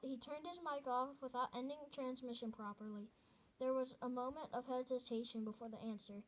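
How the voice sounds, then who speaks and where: A woman reads a novel aloud in a fairly high voice. Her delivery is earnest and unpolished, and she often stumbles, restarts and corrects herself mid-sentence. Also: normal speed. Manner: earnest reading with frequent restarts and self-corrections. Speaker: reader.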